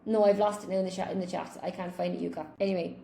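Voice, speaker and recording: A woman's voice: lowish voice, steady tone, rapid-fire, vocal fry, mellow, slight background noise. A woman English teacher on a live-stream lesson, chatting with viewers, thinking aloud and thanking them by name. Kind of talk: live-stream lesson, reading and answering chat. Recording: roomy echo.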